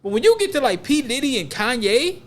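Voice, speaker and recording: Male podcast co-host, high-pitched, casual and rambling, emphatic slang delivery. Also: sing-song, brisk.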